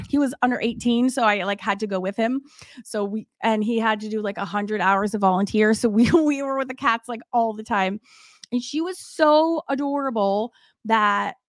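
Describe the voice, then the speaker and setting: A woman's voice: mid-range voice, fairly even intonation, a little fast, no echo. A woman in her forties, an art teacher hosting a livestream, chatting casually with many fillers and laughs.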